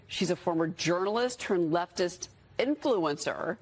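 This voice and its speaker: A woman news host reading a cable news segment with vocal fry. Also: on the low side, animated, unhurried, slight background noise.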